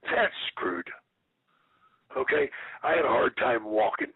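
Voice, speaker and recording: A man in his fifties, a retired wrestler, giving a rambling, profane interview full of deadpan jokes. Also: medium pitch, a little slow, no echo. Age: 50s. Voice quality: gravelly, raspy. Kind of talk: casual phone interview. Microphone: phone. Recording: tinny phone line.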